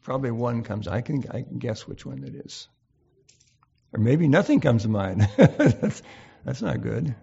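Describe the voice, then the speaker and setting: A man's voice: medium pitch, animated, unhurried, creaky, dark tone, husky, muffled recording. A man hosting an informal Bible study, thinking aloud with many fillers as he reads and explains scripture.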